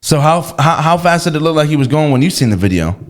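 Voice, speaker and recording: Fast, lively male co-host. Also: a little high. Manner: quick reactive interjections and questions. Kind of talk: casual chat.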